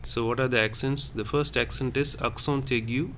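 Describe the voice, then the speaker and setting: A man teaching a French lesson, speaking slowly and repeating words, checking in with "okay?". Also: medium pitch, fairly even intonation, a bit bright, slight background noise. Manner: slow, repetitive, checks with "okay?". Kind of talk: classroom lesson.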